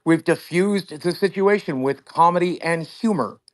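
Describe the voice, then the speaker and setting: A man tells a profane, animated story on a livestream, switching between voices for himself and the other caller. His voice sits slightly high. He talks into a desk mic over a video call. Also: normal speed. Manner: profane, emphatic, acts out both sides of a phone call. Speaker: streamer host.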